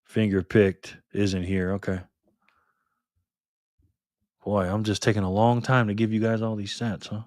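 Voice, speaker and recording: A man hosting a live stream in a loose, joking way, reading the chat messages out loud. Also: on the low side, level tone, a little slow, pauses often, no room sound, clean studio sound. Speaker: livestream host.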